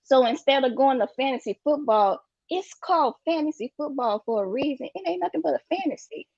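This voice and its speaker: Emphatic high-voiced woman preaching about money. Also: animated, brisk, darkish tone, no echo, highs cut off. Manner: preachy, repeats "you get what I'm saying". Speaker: guest speaker on finances. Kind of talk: emphatic motivational talk.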